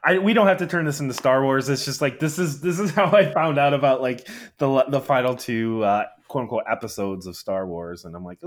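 A man's voice: mid-range voice, brisk, hardly any pauses. A man chatting casually about video games, rambling and filling his talk with "like". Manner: rambling, heavy use of "like", lively storytelling.

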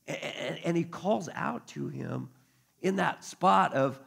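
A pastor preaching a conversational sermon, acting out quotes along the way. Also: male voice, a little high, normal speed, gravelly, husky.

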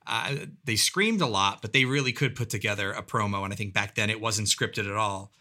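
A man's voice: on the low side, brisk, pushed and bright. A man co-hosting a casual podcast chat, thoughtfully explaining his points. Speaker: podcast co-host.

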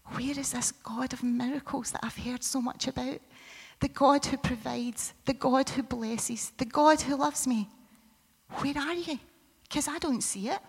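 A woman's voice: high-pitched, slightly rough, heavily acted. Lady preacher doing a desperate believer crying out to god, pleading, lots of hall echo. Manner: pleading, questioning. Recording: reverberant hall.

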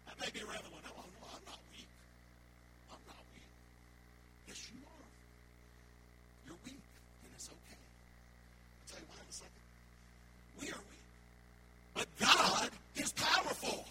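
A man preaching a sermon as pastor in a church sanctuary, emphatic and repetitive, with jokes at his own expense. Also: very high voice. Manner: emphatic, repetitive, self-joking. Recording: loud background noise.

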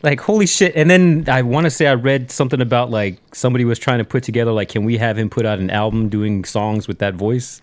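A man's voice: mid-range voice, fast talker, few pauses, no echo. A man co-hosting a podcast in casual chat, laid-back and swearing a lot. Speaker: podcast co-host.

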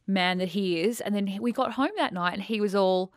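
A woman's voice: mid-range voice, moderate pace, no room sound, studio quality. A woman co-hosting a podcast, telling a story in casual chat and acting out the voices she quotes. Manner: animated storyteller who acts out quoted voices. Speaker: podcast co-host.

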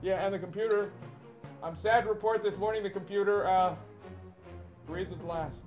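Male producer, high voice, deadpan jokes. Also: normal speed, soft background music. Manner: dry, joking. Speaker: show producer. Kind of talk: casual comedic chat.

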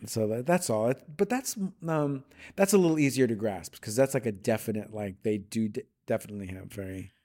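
A man's voice: lowish voice, a little fast, hardly any pauses, warm tone. Male guest, casual and rambling, playful with accents. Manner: loose, rambling, slips into playful accent bits. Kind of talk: casual conversation.

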